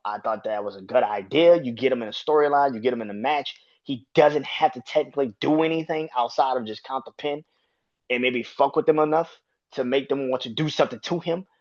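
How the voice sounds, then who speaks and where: A man in the middle of a loose podcast rant who swears constantly and keeps breaking into squeaky, incredulous shouts. His voice sits in an ordinary middle register. The recording is a bit muffled and lo-fi. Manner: profane, excitable, jumps to high-pitched outbursts. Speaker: podcast host. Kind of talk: casual wrestling review rant.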